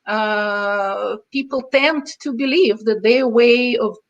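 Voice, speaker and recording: Older Russian-accented woman, fairly high voice, reflective guest, halting delivery. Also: dull audio. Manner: reflective, many hesitation fillers. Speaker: guest interculturalist. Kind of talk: casual conversation.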